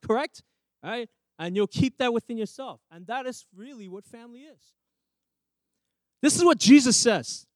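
Recorded dry, a pastor with a voice that sits high gives a sermon in church. He preaches emphatically and regularly asks the congregation questions.

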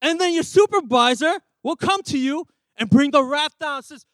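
Guy preaching a sermon, really high voice, keeps asking the congregation stuff, dry close sound. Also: expressive, normal speed, few pauses, fairly bright tone, no echo. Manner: emphatic, asks the congregation questions. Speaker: pastor. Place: church.

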